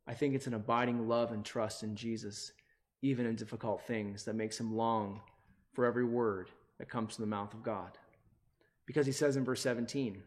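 Man, pastor, sermon, earnest, mid-pitched voice, emphatic then hushed. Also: fairly even intonation, moderate pace. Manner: earnest preaching, shifts between emphatic and hushed.

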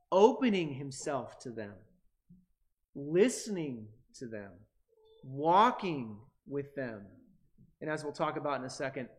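A man in his forties preaching a sermon as a pastor, emphatic and rising loud on key words, with frequent restarts. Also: fairly high pitch.

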